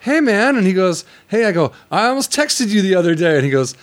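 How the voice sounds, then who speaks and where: A man co-hosting a podcast in casual chat, often clearing his throat and coughing as he talks. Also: sits high, big pitch swings, fast talker. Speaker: podcast co-host.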